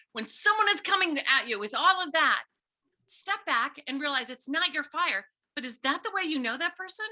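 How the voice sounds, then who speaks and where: A woman's voice: sits high, animated, moderate pace, pushed and bright. A middle-aged woman author giving an earnest, storytelling talk to schoolchildren, sometimes acting out quoted voices. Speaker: visiting author speaking to students.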